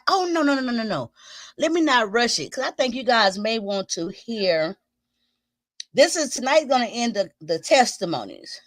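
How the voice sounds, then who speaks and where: A high-voiced woman hosts a home livestream in a chatty, loose way. She greets her viewers by name and laughs often, and she sounds slightly winded. Her voice is recorded close and dry, with no room echo. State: a little winded. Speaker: host of a livestream commenting on trials. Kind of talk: casual livestream chat with viewers.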